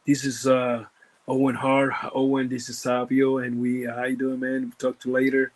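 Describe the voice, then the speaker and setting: Puerto Rican man telling halting stories. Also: medium pitch, monotone. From Puerto Rico. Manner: halting, lots of fillers and restarts, broken grammar. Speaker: guest, former pro wrestler. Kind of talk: casual storytelling interview.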